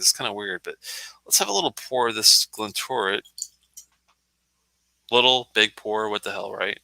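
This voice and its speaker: A man's voice: medium pitch, pushed and bright, no room sound, low-quality recording. A man hosting a casual live stream, chatting in a rambling way, swearing now and then and answering comments from the chat. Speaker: livestream host.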